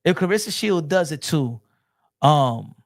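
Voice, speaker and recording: On a boxing livestream, the channel host rants at chat comments, exasperated, repetitive and profane. His voice sits on the high side, with lively intonation and an unhurried pace.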